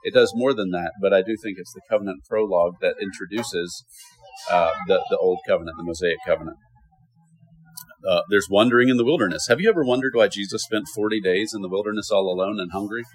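Lowish man teaching a Bible class. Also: quick pace, faint music behind, low-quality recording. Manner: lively questioning, with self-answered rhetorical questions.

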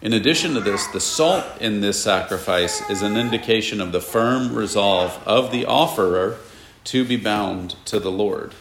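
A man teaches a Bible lesson to a class, explaining as he goes and stopping to put questions to the students. His voice sits low with a gravelly edge. The sound carries the echo of a classroom. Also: moderate pace, fairly bright tone, slight background noise. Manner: explanatory, asks the class questions, casual asides. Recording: echoey room.

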